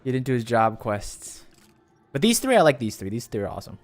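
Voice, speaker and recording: A man streaming a game live, chatting excitably and rambling with restarts, his voice jumping up on exclamations. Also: fairly quick. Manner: excitable, jumps up in pitch on exclamations. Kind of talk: live gameplay commentary.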